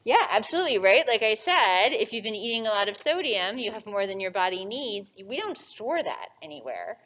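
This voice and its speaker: A woman's voice: a little high, brisk. Woman lecturing a class, lo-fi sound. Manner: lively, asks the class questions and answers them, tag questions. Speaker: anatomy lecturer.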